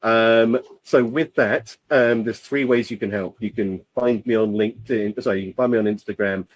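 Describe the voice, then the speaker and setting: A man's voice: on the low side, fairly even intonation, moderate pace, highs cut off. A man co-hosting a podcast, talking casually and rambling with lots of fillers, from the UK. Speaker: podcast co-host. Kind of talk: casual chat.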